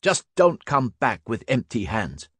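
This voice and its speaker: A man voicing a hardened male veteran soldier who barks orders loudly in an audiobook. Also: mid-range voice, wildly swooping pitch, a little slow, slightly rough, dry recording, studio quality, pitched above the performer's own voice, exaggerated voice. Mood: commanding.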